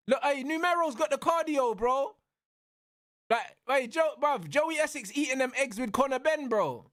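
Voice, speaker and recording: A young man, commentating live on a fight for his stream in an excitable, slangy way, yelling at the referee. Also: extremely high pitch, normal speed, no room sound, studio quality.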